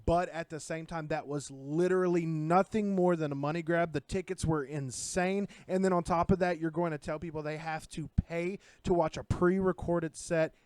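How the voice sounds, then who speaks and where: A man's voice: fairly high pitch, steady tone, moderate pace, hardly any pauses, a little mellow, smooth, no room sound. A young man co-hosting a podcast in casual chat. He speaks bluntly and outspokenly and rants at times. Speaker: podcast co-host.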